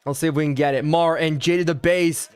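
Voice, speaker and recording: Excitable young male game streamer. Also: fairly high pitch, a little fast, smooth, no room sound. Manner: excitable, shouting on big plays, thanks viewers. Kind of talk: live video game play-by-play with chat reading.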